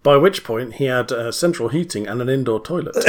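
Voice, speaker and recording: A man's voice: mid-range voice, a bit bright. Male co-host, casual and meandering, giggles at his own gags. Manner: rambling, many fillers and restarts; laughs at own jokes. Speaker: podcast co-host. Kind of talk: casual chat.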